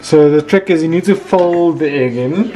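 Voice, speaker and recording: A young South African man vlogging while cooking at home, calm and explaining each step. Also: fairly high pitch, moderate pace, over music. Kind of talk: casual chat while cooking. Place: home kitchen. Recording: TV chatter in background. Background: TV show playing.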